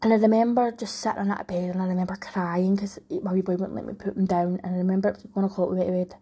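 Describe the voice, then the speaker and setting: Young Scottish mum for a vlog: mellow, slightly breathy voice, candid and rambling, often restarts her sentences. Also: medium pitch, flat delivery, fast. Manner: rambling, heartfelt, frequent restarts. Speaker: vlogger, new mum. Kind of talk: candid personal storytelling.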